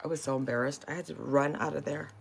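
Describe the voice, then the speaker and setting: A woman hosting a casual cooking livestream, greeting viewers and telling stories in an animated way. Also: low-pitched, fast, creaky, slight background noise. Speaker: livestream host. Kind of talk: casual chat while cooking.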